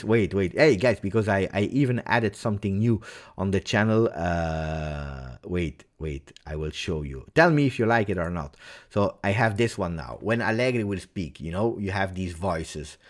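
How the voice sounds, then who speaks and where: A man with an Italian accent hosting a live football reaction stream, talking casually and joking, with many "uh"s. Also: low voice. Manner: animated, joking, halting with "uh"s.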